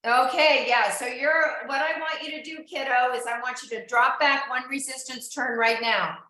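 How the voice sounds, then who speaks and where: A woman's high voice, steady in tone, pushed and bright, comes through at a moderate pace with a little hiss or hum in the background. She is an instructor leading a live online indoor cycling class in a very echoey room, encouraging riders and greeting each by name.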